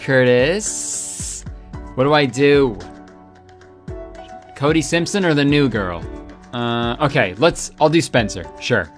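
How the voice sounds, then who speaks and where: A man giving casual, joking commentary while playing a story game, laughing and swearing often. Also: medium pitch. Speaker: gaming commentator.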